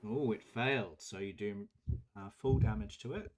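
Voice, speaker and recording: A man narrating as game master of a tabletop game, explaining the rules step by step in a measured way. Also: on the low side, background noise. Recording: live stream.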